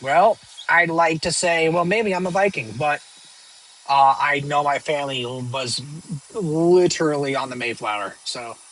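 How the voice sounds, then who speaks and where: A man's voice: fairly high pitch, unhurried, a bit bright, low-quality recording. A young man streaming live, casually answering viewer questions in a rambling, joking way full of fillers and restarts. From northern United States.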